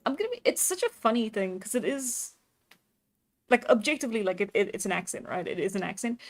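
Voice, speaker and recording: While drawing on stream, a woman talks casually to her viewers, reacting to chat and giggling frequently, with faint background music playing. She has a mid-range voice with lively intonation and a fairly quick pace.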